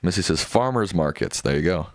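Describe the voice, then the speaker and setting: Low-voiced young man hosting a livestream. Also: animated, fairly quick, no room sound. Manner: loose and rambling, with many fillers and restarts. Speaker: livestream host. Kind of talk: casual livestream chat reading viewer comments.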